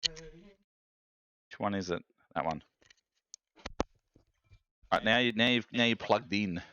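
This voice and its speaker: A man's voice: lowish voice, sing-song, slow pace, highs cut off, noisy background. A man streaming live, chatty and self-mocking, thinking aloud while he fiddles with his gear.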